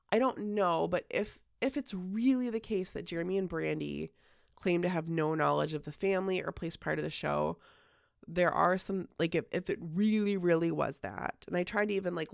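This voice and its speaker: A chatty woman hosts a podcast and tells a story in a loose, casual way, dropping "like" often and swearing now and then. Her voice has a heavy gravelly fry, and the sound is dry and close. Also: on the low side, normal speed, no room sound. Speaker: podcast host.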